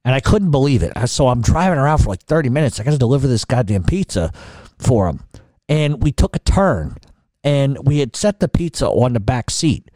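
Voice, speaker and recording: A man's voice: mid-range voice, sing-song, fairly quick, warm tone, dry recording. A middle-aged man telling a long story in casual, rambling, profane talk full of restarts. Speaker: podcast host telling a story.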